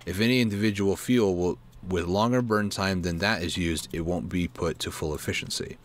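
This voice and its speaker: A man hosting a gaming video, reading an in-game guide aloud, stumbling over words and correcting himself, with asides and questions to himself. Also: deep voice. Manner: reads aloud haltingly, stumbling and self-correcting. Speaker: gaming channel host.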